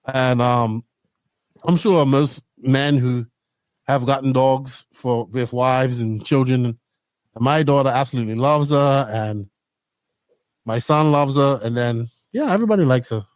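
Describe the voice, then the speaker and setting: A middle-aged man hosting a podcast, chatting casually and telling stories in an animated way, swearing freely. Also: medium pitch, a little slow, clear, resonant tone, no echo. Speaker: podcast host. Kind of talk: casual chat.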